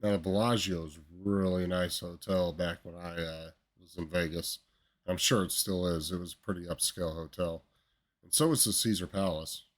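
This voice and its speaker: A man hosting a reaction video, speaking in a relaxed, friendly way. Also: sits low, normal speed. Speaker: host.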